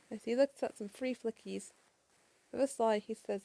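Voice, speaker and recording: A woman reading a comic aloud for her viewers, breaking off for chatty asides and a few swear words. Her voice has a gravelly edge and sits a little high. The tone is mellow. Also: steady tone, normal speed, poor audio. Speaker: comic reader. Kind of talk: casual comic read-along with commentary.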